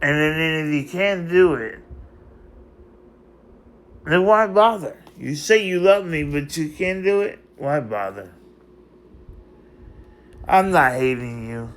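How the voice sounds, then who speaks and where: A man's voice: on the high side, animated, slow, pauses often, a bit bright. A man in an unscripted vlog monologue, rambling and emotional as he confronts someone who is not there, circling back to the same phrases again and again.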